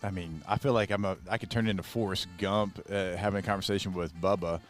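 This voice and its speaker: A man co-hosting sports radio in a low, easygoing voice. He gives short replies and stumbles through restarts as he chats. Faint music sits behind the studio mic. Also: steady tone, fast. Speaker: radio show co-host and former football player. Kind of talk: casual sports radio banter.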